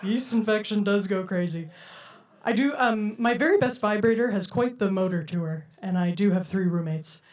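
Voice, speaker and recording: A young woman performs a stand-up set before a live crowd. She has a playful, giggly delivery and breaks into laughs often. Her voice sits at a middling pitch and sounds a little distant from the mic. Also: moderate pace, a little mellow. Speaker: stand-up comedian. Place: comedy stage before a live audience.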